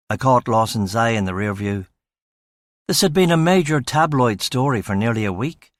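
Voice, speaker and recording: A male narrator with a mid-pitched voice reads a crime thriller in the first person, measured and matter-of-fact. The recording is close and dry, with no room sound. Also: expressive, dry recording. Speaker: audiobook narrator.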